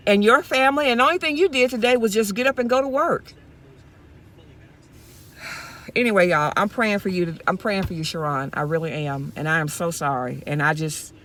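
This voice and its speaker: A woman's voice: fairly low pitch, fairly bright tone. A woman from Mississippi, talking straight to her viewers in a casual vlog, impassioned and repeating herself as she goes, speaking from her car. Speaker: YouTube vlogger.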